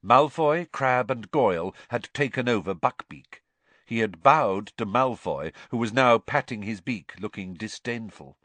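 A man giving expressive, scripted storybook narration at a close mic. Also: medium pitch, unhurried, no room sound. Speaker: audiobook narrator.

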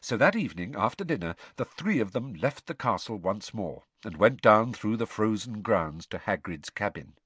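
An expressive man reading a storybook aloud, his voice moving lively up and down at a middling pitch. The sound is dry and close. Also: normal speed, hardly any pauses, husky, no echo. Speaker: audiobook narrator. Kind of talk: audiobook narration.

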